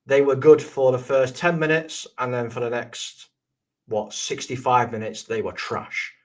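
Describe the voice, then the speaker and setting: A man's voice: mid-range voice, steady tone, unhurried. A tired man on a fan show, bluntly venting his annoyance about a match. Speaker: co-host pundit. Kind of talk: casual football chat.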